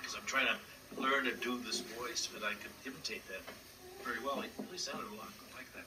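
A puppeteer telling stories in an interview, with a hesitant delivery full of fillers and acted-out voices. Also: male voice, on the low side, fairly even intonation, fairly quick. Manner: hesitant, frequent fillers, acts out voices in anecdotes. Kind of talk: storytelling interview. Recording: distant mic with background noise.

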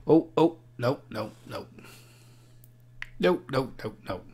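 A man's voice: medium pitch, animated, slow pace, darkish tone, slightly rough. Man, playful live-stream quiz host, joking, reads chat names. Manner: jokey, sings jingles, reads out viewer names.

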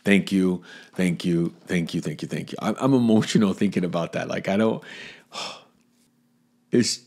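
A middle-aged man from Florida hosting his own podcast. He talks earnestly and emotionally, repeats phrases, and drops to a hush when he is moved. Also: deep voice, fairly quick, creaky. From Florida, USA. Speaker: podcast host and acting coach. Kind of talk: solo podcast monologue.

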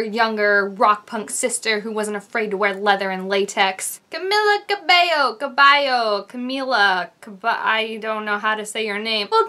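Woman impersonating a snarky bright fashion vlogger. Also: high-pitched. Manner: breezy, joking running commentary. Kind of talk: comedic impression.

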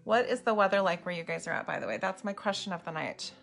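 A woman's voice: on the low side, expressive, fast, gravelly, fairly bright tone, soft background music. A woman chatting casually with viewers while she demonstrates eye makeup on a live video at home. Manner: chatty, bubbly, talks to viewers by name. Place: home room lit by ring light and window light.

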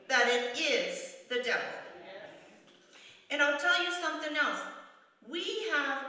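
A woman giving a testimony sermon at a church service, emphatic and repetitive for effect, dropping to a hush for stories. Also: sits high. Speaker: guest speaker at a church service. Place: church sanctuary. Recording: echoey church hall from far off.

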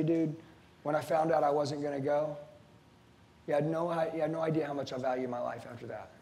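A man's voice: a little high, warm tone. A man in his forties giving an intense, preachy motivational sales talk to a live audience, swearing casually and speaking to the room directly. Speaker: sales trainer. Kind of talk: motivational seminar speech.

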